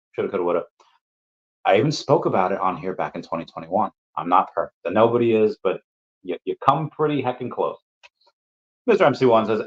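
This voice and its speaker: A man hosting a casual livestream, reading viewer comments aloud and answering them with playful asides. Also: fairly low pitch. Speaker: livestream host. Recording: dull lo-fi stream audio.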